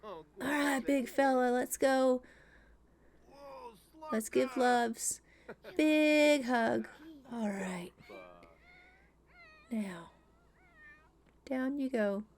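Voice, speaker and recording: A woman's voice: mid-range voice, normal speed, lightly acted. Weary sim dad, stern but patient, parental tone , as a woman puts him on. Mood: gentle. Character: tired, firm but loving young dad.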